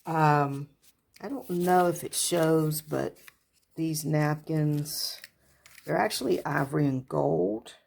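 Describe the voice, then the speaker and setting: A woman's voice: deep voice, slow pace, vocal fry, a little mellow. A woman giving a casual show-and-tell of her home decor, chatty and full of fillers and unsure asides. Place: at home beside a kitchen cart. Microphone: handheld camera moved up close.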